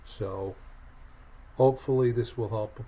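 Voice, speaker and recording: A man's voice: mid-range voice, fairly even intonation, unhurried, mellow, a little hiss or hum, low-quality recording. A man hosting a podcast, telling stories in an emphatic conversational way, often repeating words as he gets going. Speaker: podcast host. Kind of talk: conversational storytelling.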